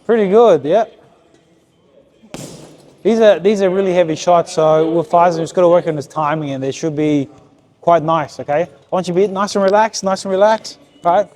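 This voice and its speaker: A man works as a boxing coach in a gym. His voice sits high for a man, and he keeps firing brisk, repeated cues to his fighter. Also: a little mellow. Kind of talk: hands-on coaching session. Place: boxing gym with heavy bag.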